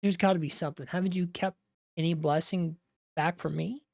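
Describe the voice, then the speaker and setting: A woman's voice: lowish voice, fairly even intonation, fairly quick, gravelly, a little mellow, no room sound, clean studio sound. A woman voicing a wronged grown son who pleads in a raised voice. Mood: aggrieved.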